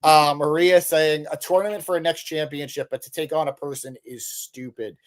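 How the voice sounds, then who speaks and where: A man with a slightly raised pitch co-hosts a casual live stream. He reads viewer comments aloud and answers them off the cuff, with joking swears. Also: steady tone, normal speed. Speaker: podcast co-host reading live chat.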